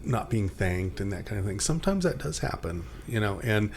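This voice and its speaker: A man's voice: lowish voice, animated, fairly quick, gravelly, slight background noise. A male paramedic co-hosting a podcast, telling a long story casually with many fillers and restarts.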